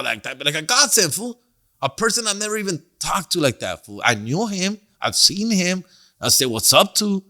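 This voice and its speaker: A man's voice: high voice, sharp tone. A middle-aged man hosting a podcast, telling stories in a casual, profane, slangy way and mixing in Spanish phrases. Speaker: podcast host and comedian. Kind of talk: casual storytelling monologue.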